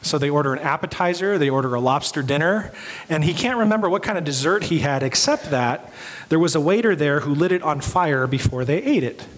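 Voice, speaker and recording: A man's voice: on the high side, lively intonation, brisk. A young adult man giving a sermon as a pastor, telling stories and acting out the quoted voices. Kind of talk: sermon storytelling. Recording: long hall reverb.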